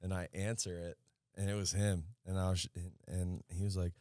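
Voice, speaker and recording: Podcast co-host, male, very deep, dry studio sound, loose rambling storyteller. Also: little pitch movement, moderate pace, warm tone, no echo. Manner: rambling storyteller, swears freely. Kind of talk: casual chat.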